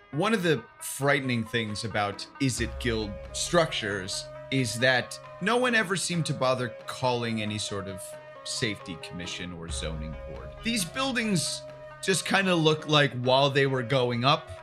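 Lively game master narrating a tabletop game. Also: medium pitch, moderate pace, soft background music. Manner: animated, laughing, chatty descriptions.

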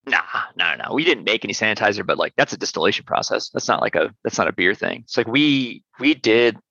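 A man's voice: lowish voice, expressive, fast, pushed and bright, no room sound, lo-fi sound. A man who runs a small sour beer brewery, chatting casually in an interview with loose, profane talk and many fillers.

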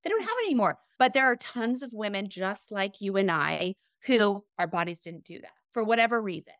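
A middle-aged woman, a fitness trainer guest on a podcast, explaining in an animated way full of "like" and "right?". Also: mid-range voice, fairly quick, dry recording, studio quality.

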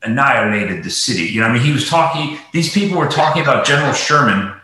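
Brief: male guest, bright rambling delivery full of fillers, very echoey room. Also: medium pitch, lively intonation, quick pace. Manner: rambling, many fillers and restarts. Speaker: guest, golf professional. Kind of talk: casual interview talk.

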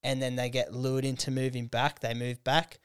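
Smooth-voiced Australian man telling stories. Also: mid-range voice, flat delivery, moderate pace, no room sound, studio quality. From Canberra, Australia. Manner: swearing storyteller, acts out quoted people. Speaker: guest, comedian and hip hop artist. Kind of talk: casual podcast chat.

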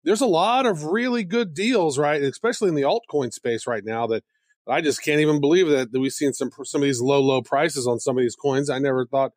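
A man co-hosting a podcast in casual chat, excitable and given to jumping into high squeals when joking. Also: a little fast, no room sound, studio quality. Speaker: podcast co-host.

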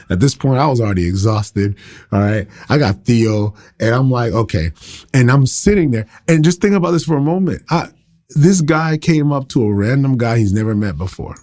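A man's voice: medium pitch, animated, moderate pace, a little mellow. A man in his thirties, a pastor, teaching the Bible in a casual, conversational way, laughing often and poking fun at himself.

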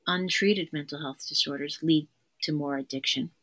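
Earnest and emphatic, this therapist talks conversationally as an interview podcast guest, frequently repeating her main points. Her slightly low voice is steady in tone, a bit bright, and at a normal speed.

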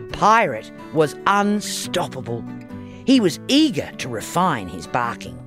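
A man, a children's book author, reading his storybook aloud in a lively, expressive way. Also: mid-range voice.

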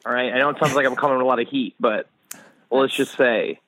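A man calling in as a podcast guest, riffing loudly with profane, rambling comic bits. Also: medium pitch, fairly even intonation, fast talker, low-quality recording. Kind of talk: casual chat. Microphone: remote line.

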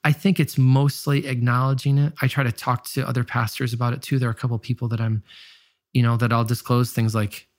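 A man's voice: medium pitch, flat delivery, fast talker, no echo, clean studio sound. A pastor and musician with a nasal Michigan accent, talking candidly and reflectively in an interview, often restarting his sentences. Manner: candid, self-questioning, many restarts. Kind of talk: reflective casual interview talk.

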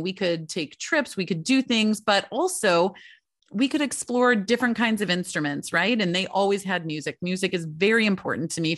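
A woman's voice: lowish voice, a bit bright, no room sound. Heartfelt chatty woman, dry close sound. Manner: chatty, with frequent "right?" and "you know" asides; heartfelt and openly emotional. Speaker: homeschooling mother sharing her experience. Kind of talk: casual reflective talk to camera.

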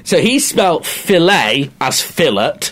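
A jokey man co-hosting a podcast. His voice sits fairly high and swings widely up and down in pitch. He chats casually and breaks into silly voices. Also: sing-song, slow pace, a bit bright. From England. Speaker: podcast co-host. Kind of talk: casual chat.

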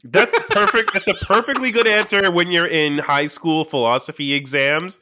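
A man's voice: on the high side, moderate pace, pushed and bright. A man co-hosting a casual podcast chat, laughing often and making crude jokes. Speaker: podcast co-host.

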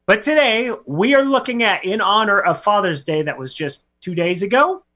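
Bright, high-voiced male co-host. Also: expressive. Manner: quick, playful. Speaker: radio co-host. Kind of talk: casual radio banter.

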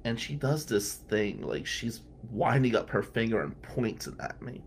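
A man's voice: medium pitch, expressive, unhurried, hardly any pauses, slight background noise. A man telling a candid, wry personal story as a podcast host, laughing now and then between lines. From New Jersey.

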